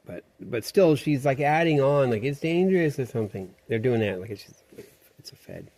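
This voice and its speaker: A man's voice: medium pitch, lively intonation, normal speed, darkish tone, dry recording. Rambling profane man. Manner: profane, meandering, conspiratorial. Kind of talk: rambling monologue.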